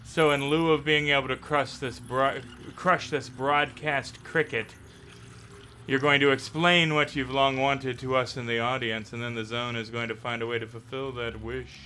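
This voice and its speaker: A man's voice: mid-range voice, fairly even intonation, normal speed, pushed and bright, slight background noise. A man running a tabletop role-playing game as game master, describing scenes and leading the players.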